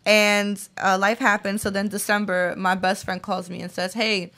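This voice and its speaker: Late-20s woman poet, earnest talk and spoken word, bright sharp tone. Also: medium pitch, flat delivery, normal speed. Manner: earnest and reflective, frequent fillers. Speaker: guest author and poet. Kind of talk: interview chat and spoken-word poetry reading.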